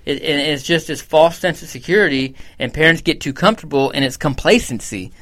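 A man's voice: on the high side, expressive, a little fast, a bit bright. A man co-hosting a podcast, telling stories in a blunt, profane, casual way. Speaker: podcast co-host.

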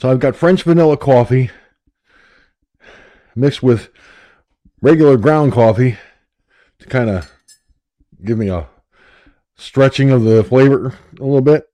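A man hosts a call-in radio show, winded and rambling, talking himself through a scramble to get on air. His voice sits at an ordinary middle pitch. The recording is dry and close, with no room sound around him. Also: unhurried, long pauses, mellow, dry recording. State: out of breath. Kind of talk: casual call-in show chat.

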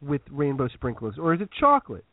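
A man co-hosting a podcast in casual chat, firing off quick quips and short replies. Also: medium pitch, huge pitch swings, no room sound. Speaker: podcast co-host. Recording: phone-like sound.

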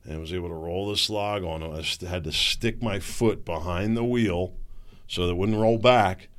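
A man's voice: deep voice, moderate pace. A middle-aged man hosting a show, talking in a rambling, folksy way and often stumbling over repeated words. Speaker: podcast host. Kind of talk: casual monologue.

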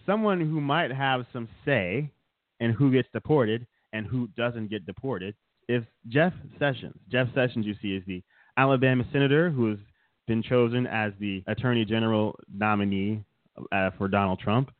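A man's voice: medium pitch, normal speed, dry recording. Guy rambling and teasing on a chat show, keeps chuckling, sounds tinny like a phone line. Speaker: podcast co-host. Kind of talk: casual comedic chat.

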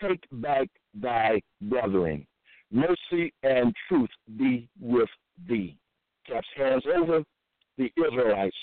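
Male preacher reading scripture in a sermon, measured delivery, lo-fi phone-line quality. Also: medium pitch, expressive, dry recording. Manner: reads verses slowly with repeated asides. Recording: tinny, phone-like dry audio.

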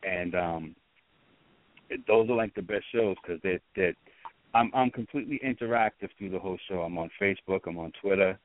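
A man with a Boston accent, a guest chatting casually in an interview, relaxed and rambling with frequent restarts. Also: low-pitched, a little fast. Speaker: guest, radio show host. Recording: tinny phone-like line.

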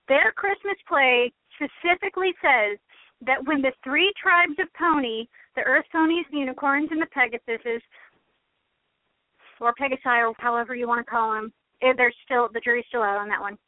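A woman's voice: high-pitched, normal speed, dry recording. A woman co-hosting a casual chat show, opinionated and laughing often. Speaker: podcast co-host. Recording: tinny phone-line call, dry.

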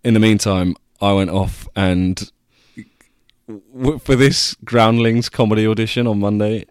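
A man's voice: on the low side, steady tone, measured pace, a little mellow, clean tone, no echo. A young man vlogging, telling a rambling, self-deprecating story with casual swearing.

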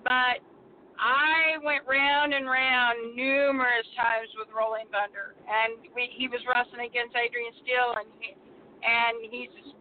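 Feisty high-voiced older woman on phone. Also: unhurried. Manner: feisty, animated storyteller. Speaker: co-host. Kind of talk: casual chat. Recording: tinny phone line with faint noise.

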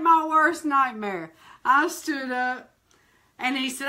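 A woman hosting a fireside chat, telling a personal testimony in a lively, colloquial way and talking straight to her listeners. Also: sits high, slow. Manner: animated, laughing, acts out quoted voices; colloquial, addresses listeners directly. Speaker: ministry host.

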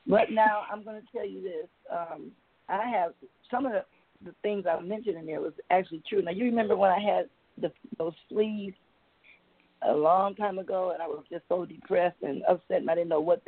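A woman's voice: lowish voice, moderate pace, breathy edge, no echo. A woman calling in to an open-mic poetry radio show, chatty and laughing a lot as she talks. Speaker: caller reading a poem. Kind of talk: casual phone chat. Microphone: phone call. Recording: tinny phone line.

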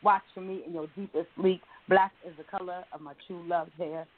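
A woman's voice: lowish voice, fairly even intonation, fairly quick. A woman poet performing her spoken-word poem with a rhythmic, insistent cadence, then chatting loosely with many fillers as an interview guest. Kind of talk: spoken-word poetry reading, then casual interview talk. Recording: tinny phone-like line.

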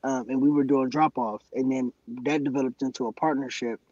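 A man's voice: medium pitch, fairly even intonation, a little fast, darkish tone, no room sound, highs cut off. A man being interviewed about his activism, speaking earnestly and gratefully in casual podcast talk, from Cleveland. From Cleveland, USA. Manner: earnest, grateful, frequent affirmations. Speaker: guest activist.

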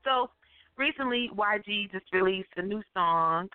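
A woman hosting a call-in radio talk show in a loose, casual way, full of fillers, with a deep morning voice after a late night. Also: a little slow, smooth, dry recording. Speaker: host. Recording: tinny phone line with faint music.

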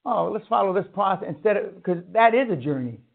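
A seminar speaker with a very high voice and vocal fry delivers a brisk, animated, profane rant, pounding home his points bluntly. His lecture comes through thin and narrow, as if over a phone.

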